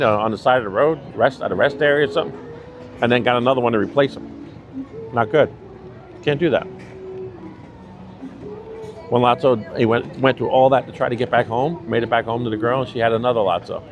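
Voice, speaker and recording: This New Yorker live streams casually from a mobility scooter, holding his phone as he rolls through a bustling theme park, rambling with frequent chuckles. He talks a little fast in a mid-range voice, pausing often, while crowd chatter and loud park music fill the background.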